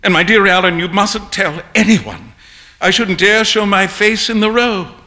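A man reading an audiobook, voicing an earnest, easily flustered young gentleman with a plaintive manner. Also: high-pitched, a little slow, pitched above the performer's own voice. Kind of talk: audiobook narration.

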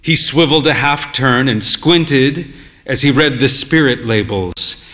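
A man narrating a literary story in a wry, weary and measured way. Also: medium pitch, sharp tone.

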